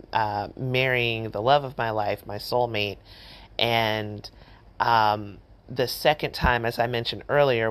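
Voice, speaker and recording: Woman host, middle-aged, chatty storyteller who acts out quotes; casual, filler-heavy delivery. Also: very deep voice. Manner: chatty, animated, many fillers and quoted dialogue. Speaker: podcast host.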